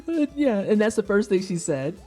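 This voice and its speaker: A woman's voice: medium pitch, sing-song, moderate pace, dark tone, faint music behind. A woman in her thirties chatting casually with her stream viewers, a blunt and candid storyteller who swears freely. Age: 30s. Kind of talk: casual chat. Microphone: desk microphone for headphone listeners.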